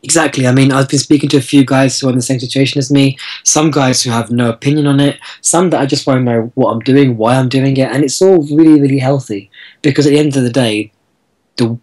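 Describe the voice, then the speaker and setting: A man's voice: mid-range voice, steady tone, fast talker, darkish tone, husky, poor audio. A man speaking as a guest in a casual interview, earnest and thoughtful, restarting his words now and then. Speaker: guest blogger.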